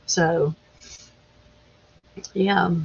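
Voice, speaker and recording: A woman's voice: lowish voice, steady tone, extremely slow, creaky, breathy edge. A woman hosting a casual live chat, greeting viewers by name and laughing easily. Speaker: livestream host. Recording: dull lo-fi stream audio.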